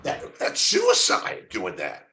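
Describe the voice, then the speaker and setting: A man's voice: low-pitched, huge pitch swings, slow pace, bright, forceful tone. A man from San Francisco, a spiritual coach being interviewed, telling his story in an earnest way and often repeating words as he starts his sentences. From San Francisco, United States. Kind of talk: conversational interview.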